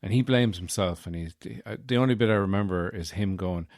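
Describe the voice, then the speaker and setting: A man's voice: low-pitched, a little fast, a little mellow, dry recording, studio quality. A man hosting a solo podcast, rambling through a casual, jokey chat with the odd swear. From Ireland. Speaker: podcast host.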